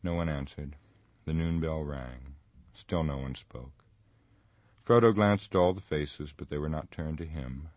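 Male narrator, very deep, dry close sound, steady measured reading. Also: dry recording. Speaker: audiobook reader. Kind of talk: scripted narration.

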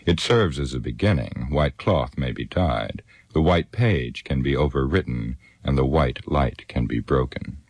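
A man voicing a proud, scornful old male wizard, speaking slowly and with measured sneering in a storybook reading. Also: rumbling low, lively intonation, slightly rough, no echo, full character voice.

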